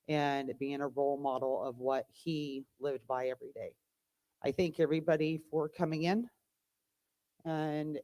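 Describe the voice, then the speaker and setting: A woman's voice: low voice, darkish tone. A woman giving a heartfelt, emotional eulogy for her father at a church memorial service. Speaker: eulogy speaker, daughter of the deceased.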